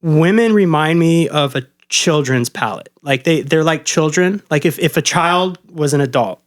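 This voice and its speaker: A man's voice: on the high side, normal speed. A man co-hosting a podcast, a bartender ranting casually and profanely about what customers order.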